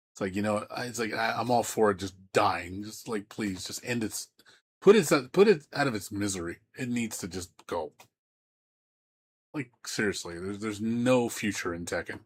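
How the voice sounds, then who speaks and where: Husky-voiced man ranting on stream. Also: lowish voice, expressive, normal speed. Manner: profane, heated, stammering restarts. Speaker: game streamer. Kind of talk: live-stream rant.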